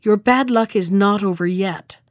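A woman's voice: mid-range voice, measured pace, dry recording, natural voice. Small vengeful sparrow, cool mocking threats, dry close sound, read by a woman. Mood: taunting.

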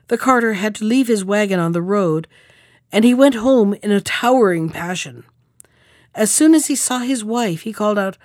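A woman hosting a podcast, reading a fairy tale aloud in a measured, clear way. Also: mid-range voice, expressive, no room sound, clean studio sound. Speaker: podcast storyteller.

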